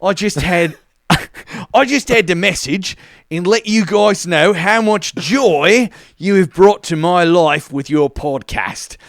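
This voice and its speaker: A man's voice: sits high, slow pace, dry recording, voice pushed up. A man doing a chirpy New Zealand lady. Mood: cheery. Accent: attempted New Zealand, drifting. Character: cheerful female listener from New Zealand.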